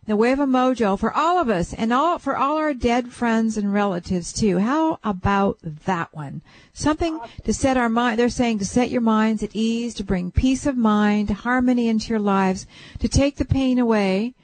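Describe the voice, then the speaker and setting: Woman, radio psychic host, casual chat, whooping, high voice, dry sound. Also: normal speed, no echo. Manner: whooping chants.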